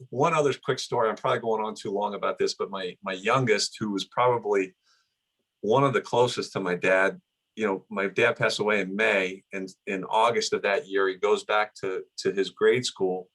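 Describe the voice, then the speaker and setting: A man's voice: lowish voice, fairly bright tone. A middle-aged man being interviewed, reminiscing in a casual, rambling way with many restarts. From United States. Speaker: guest, son of the honoree.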